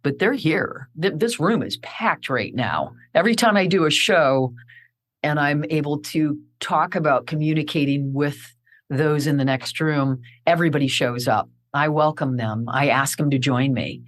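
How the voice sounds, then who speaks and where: A middle-aged woman, a podcast guest, telling a personal story in a vivid, animated way and acting out her own remarks. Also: sits low, normal speed.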